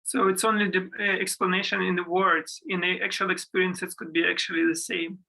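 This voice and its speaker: Bright, high, hesitant male student. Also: little pitch movement, a little fast, vocal fry, rough recording. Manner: hesitant, with many fillers. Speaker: student asking a question.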